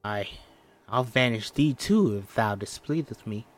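A man's voice: on the low side, animated, a little slow, faint music behind. A man reading the part of a defiant teenage Puritan girl, delivering threats in old-fashioned language in his own voice. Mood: menacing.

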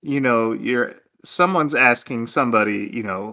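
Bright-voiced joking male podcast co-host. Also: medium pitch, moderate pace, vocal fry. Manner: playful, joking, laughs often. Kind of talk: casual comedic chat.

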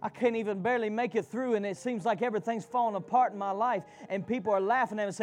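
A man preaching a sermon in call-and-response style, swinging from shouted lines to low, quiet passages. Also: quick pace, hardly any pauses, faint music behind.

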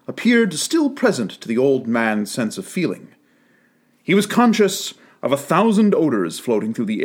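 A male narrator reading a classic storybook, his pitch somewhat high for a man and swinging animatedly through each sentence. He takes his time and leans into the drama of the prose.

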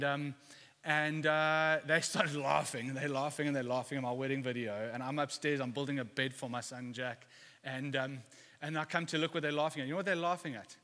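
A middle-aged male pastor delivers a frank, confessional sermon. His voice sits a little high and sounds bright and forceful, and it rings out with the long reverb of a large hall. He often restarts his sentences and turns to his listeners with rhetorical questions.

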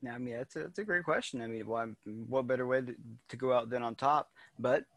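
A man co-hosting a casual sports podcast, quick to react and fond of jokes. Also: medium pitch, dry recording. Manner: animated, jokey, quick reactions. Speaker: podcast co-host.

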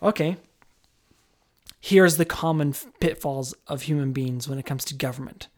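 A man's voice: on the high side, moderate pace. Man, podcast host, casual chat, rambling, lots of restarts. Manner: rambling, with restarts, jokey put-on voices.

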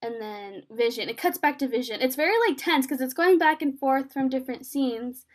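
A woman's voice: sits high, a little fast. A young woman in a casual chat, eagerly retelling a TV episode, speaking in many fillers and acting out the characters' lines. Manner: excited, filler-heavy retelling, acts out the scenes in quoted voices. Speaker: podcast co-host recapping a TV episode.

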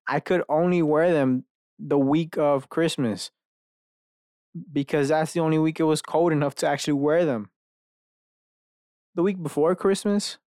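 A man's voice: on the high side, a little mellow, dry recording. Guy ranting solo from his bedroom, swears a ton, wanders off topic, dry close sound. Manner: meandering, profane, self-mocking. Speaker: podcast host. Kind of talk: rambling solo rant.

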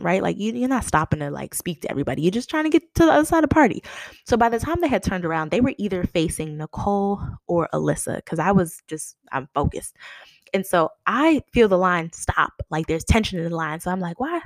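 A young woman tells a story in a lively, swooping voice, acting out what people said with big leaps in pitch. The recording is close and dry, with no room sound. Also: no echo. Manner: animated, acts out quoted lines with big pitch jumps. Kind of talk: casual storytelling.

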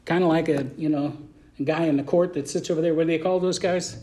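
A man preaching a verse-by-verse sermon as a pastor, talking in an animated, colloquial and emphatic way. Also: on the high side, quick pace.

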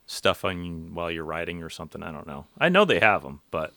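A man's voice: sits low, very animated, a little fast, creaky, pushed and bright, no room sound. A man hosting a podcast in casual chat, joking and rambling with his co-hosts. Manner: joking, rambling, self-deprecating. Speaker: podcast host.

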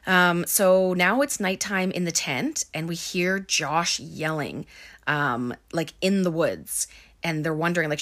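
A woman's voice: lowish voice, lively intonation, unhurried, fairly bright tone. A woman casually recapping a film, talking with lots of fillers. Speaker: movie recap host.

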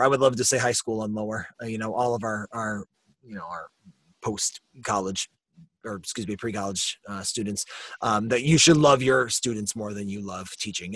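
A man's voice: mid-range voice, a bit bright, breathy edge, dry recording, studio quality. A young adult man hosting a podcast, chatting casually and laughing often, with self-mocking asides. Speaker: podcast host. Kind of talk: casual podcast chat and outro.

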